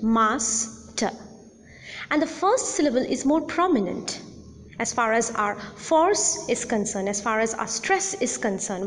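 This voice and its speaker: A woman giving a recorded audio lecture, explaining slowly and deliberately with repeated examples. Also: on the high side, in a large hall.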